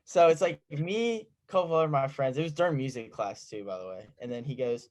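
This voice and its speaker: Teen male co-host, mid-low voice, relaxed storyteller who acts out quotes. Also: fairly quick, hardly any pauses. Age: teens. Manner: laid-back, acts out quotes in his anecdotes. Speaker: podcast co-host. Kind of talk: casual podcast storytelling.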